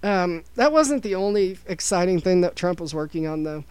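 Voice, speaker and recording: A man's voice: high voice, expressive, moderate pace, smooth, no echo, rough recording. A man hosting a casual podcast, walking through a story from his notes and slipping in dry jokes. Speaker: podcast host presenting a story.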